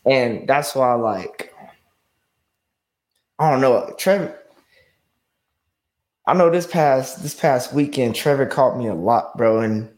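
Man, podcast host, laid-back, slangy, says bro a lot, mid pitch. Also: takes it slowly, pauses often. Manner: loose, slangy, keeps saying "bro", "you know what I'm saying". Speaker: podcast host leading the topic. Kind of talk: casual podcast talk.

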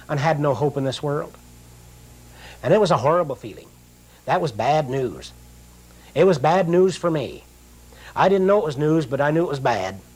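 Slow earnest older preacher, fairly high voice. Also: male voice. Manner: slow, drawn-out reading of scripture, earnest plain-spoken preaching. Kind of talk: sermon with scripture reading.

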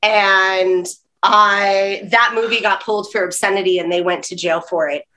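A woman in her forties chatting casually as a guest, a candid and lively storyteller who laughs often. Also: mid-range voice, normal speed, slight background noise, poor audio. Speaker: podcast guest. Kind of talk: casual chat.

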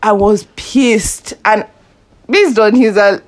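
A young woman hosts a relaxed podcast conversation with friends. She tells stories animatedly, slips into quoted voices and laughs easily, with a voice sitting at an everyday middle pitch for a woman. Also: takes it slowly. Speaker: podcast host. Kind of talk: casual chat.

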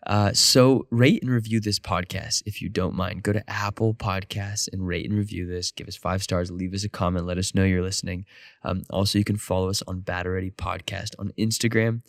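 Deep, gravelly, nasal man with a cold. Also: steady tone, brisk, no echo, studio quality. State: getting over a cold. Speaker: podcast host. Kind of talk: casual podcast conversation. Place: large church main room.

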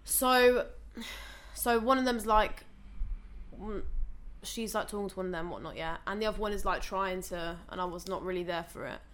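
A young woman, chatting casually and telling a lively story. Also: medium pitch, moderate pace. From London. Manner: animated storytelling. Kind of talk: casual chat.

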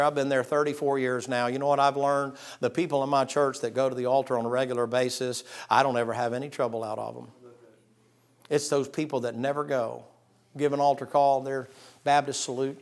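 Middle-aged pastor, folksy storyteller, acts out voices, hushed then loud. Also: male voice, mid-range voice. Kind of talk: sermon.

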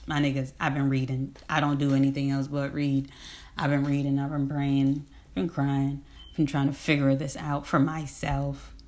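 A woman with a very low voice delivers a casual, rambling monologue. She talks emphatically in slang, laughs often, and circles back to repeat her points. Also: a little mellow.

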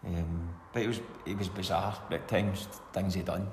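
A middle-aged Scottish man, once a footballer, tells rambling anecdotes in a relaxed interview, chuckling every so often. His voice sits low with a steady, slightly mellow tone at a moderate pace. The room is echoey with a long reverb and a faint hiss.

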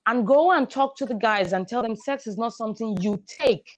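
Measured, explanatory woman educator. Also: on the high side, no echo. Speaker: guest, sexual and reproductive health educator. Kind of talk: podcast conversation.

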